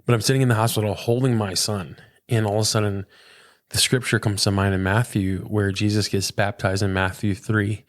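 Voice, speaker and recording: An earnest man in his thirties with a lowish voice, talking as a pastor in a relaxed interview. He is recorded close and dry, with almost no room sound. He speaks reflectively and keeps dropping in "man" and "dude". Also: fairly quick, dry recording. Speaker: pastor, podcast guest. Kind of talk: casual conversational interview.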